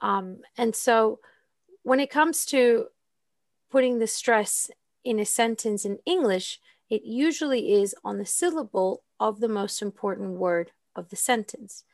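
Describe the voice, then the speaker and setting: A woman's voice: fairly high pitch, lively intonation, unhurried, no echo, clean studio sound. A woman co-hosting a casual talk as an English teacher, explaining fluently with frequent ums.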